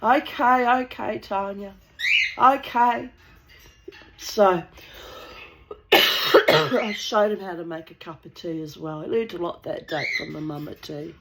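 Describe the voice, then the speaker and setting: A woman's voice: low-pitched, measured pace, long pauses, a bit bright, slight background noise, low-quality recording. A woman from New Zealand telling a casual, rambling anecdote, blunt and sweary, with the odd cough.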